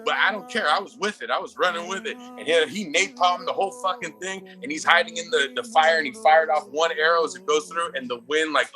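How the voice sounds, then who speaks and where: A man chatting on a podcast with friends, swearing freely and breaking into laughter as he tells the story. His voice sits a touch high and sounds very bright, with faint music in the background. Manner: profane, excitable, laughs often while telling. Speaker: movie review podcast co-host. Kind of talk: casual chat.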